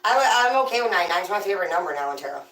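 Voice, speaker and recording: A woman's voice: lowish voice, expressive, rapid-fire, a bit bright, a little hiss or hum. A woman hosting a tarot channel, ranting casually with brash, profane, rambling talk. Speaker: tarot reader and host. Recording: echoey room, voice far from the mic.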